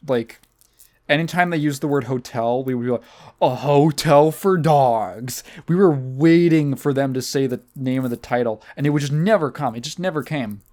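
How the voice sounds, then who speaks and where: A man's voice: a little high, a little mellow. A man hosting a podcast, rambling and sarcastic as he recaps a movie in casual, swear-filled chat. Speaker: podcast host.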